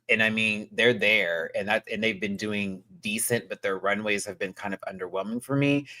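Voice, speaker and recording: A reviewer in a casual live review, talking animatedly with sassy asides and sudden high-pitched exclamations. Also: a bit bright. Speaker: show reviewer.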